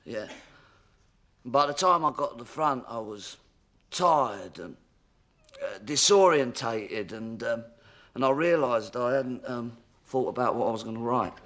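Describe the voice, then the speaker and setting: A man's voice: medium pitch, expressive, a little slow, long pauses, fairly bright tone. An actor playing a hapless, muddled man who rambles hesitantly, full of ums and restarts, in a sitcom. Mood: sheepish. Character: hapless, muddled adult man, easily flustered. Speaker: pub regular. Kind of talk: sitcom acting.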